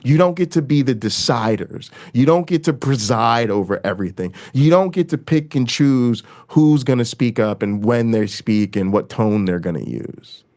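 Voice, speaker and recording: A man's voice: lively intonation, normal speed, hardly any pauses, a little mellow. A man hosting his own channel, delivering a heated, profane political rant and repeating lines for emphasis. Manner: swings between raised emphasis and low, dropped delivery. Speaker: channel host. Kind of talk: impassioned political rant to camera.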